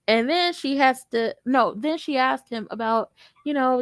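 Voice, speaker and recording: Sassy young woman doing a tv episode recap, jokey and animated, high voice, dry close sound. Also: normal speed, no room sound. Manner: sassy, joking, animated storytelling. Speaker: tv recap vlogger.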